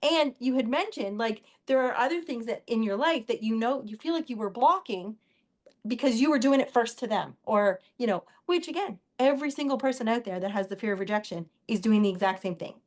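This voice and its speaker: A woman with a slightly high voice talks on an interview show as the guest. Her speech is chatty and animated. She drops into quoted exchanges as she tells her stories. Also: brisk. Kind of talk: casual interview storytelling.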